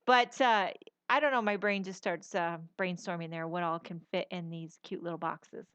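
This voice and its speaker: A woman's voice: lowish voice, fairly even intonation, moderate pace, a bit bright, clean tone, dry recording, muffled recording. A middle-aged woman hosting a casual papercraft tutorial, chatty and folksy, rambling with fillers as she works. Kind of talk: casual crafting tutorial voice-over.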